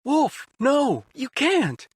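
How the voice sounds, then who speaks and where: Otacon, a man doing a high, nervous young engineer. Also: wildly swooping pitch, measured pace, fairly bright tone, dry recording, full character voice. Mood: pleading. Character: anxious, pleading young male engineer, excitable. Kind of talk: audiobook character voice.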